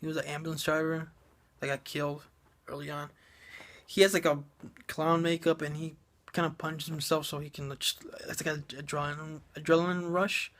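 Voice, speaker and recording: A man's voice: fairly high pitch, level tone, a little fast, fairly bright tone. A man giving a sarcastic, profane, rambling movie review full of fillers and restarts.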